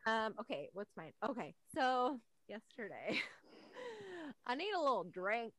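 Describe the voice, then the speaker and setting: A woman's voice: a little high, very animated, unhurried, a bit bright, no room sound. A woman hosting a podcast, telling chatty family stories and laughing often. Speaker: podcast host. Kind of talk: casual chat.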